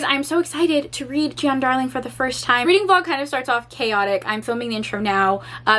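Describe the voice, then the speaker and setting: A young woman with a fairly high voice talks straight to her viewers about books, gushing and excitable. Her chat is casual and quick to swear. It sounds like an easygoing vlog. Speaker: book vlogger.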